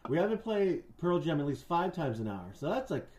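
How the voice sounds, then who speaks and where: A man's voice: on the high side, very animated, a little fast, darkish tone. A man in his forties co-hosting a podcast, ranting and mocking in casual chat full of swearing. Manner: profane, mocking, jokey ranting. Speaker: podcast co-host. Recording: echoey room.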